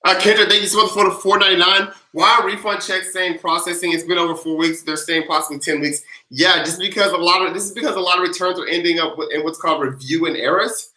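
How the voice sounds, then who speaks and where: A man hosting a casual livestream Q&A, reading viewer questions and answering with energetic, playful hype. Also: sits high, fast talker, hardly any pauses, echoey room, poor audio. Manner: energetic, hyped chant leader, loud and playful. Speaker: livestream tax advice host.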